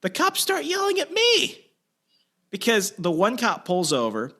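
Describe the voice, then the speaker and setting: A bright, forceful young man tells a story in loose, casual chat. He swears freely and acts out the quoted lines with energy. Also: sits high, wildly swooping pitch, unhurried. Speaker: podcast co-host telling a story.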